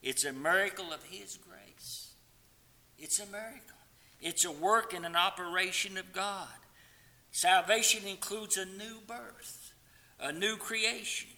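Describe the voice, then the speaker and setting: With a high-pitched voice and measured pace, a man preaches passionately. He swings between loud pleading and quiet, hushed lines, now and then singing verses of hymns.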